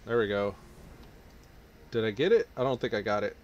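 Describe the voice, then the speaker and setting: A man's voice: lowish voice, moderate pace, highs cut off. Laid-back man narrating his gameplay. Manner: relaxed, chatty, thinking aloud. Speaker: gaming streamer. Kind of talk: casual gameplay commentary.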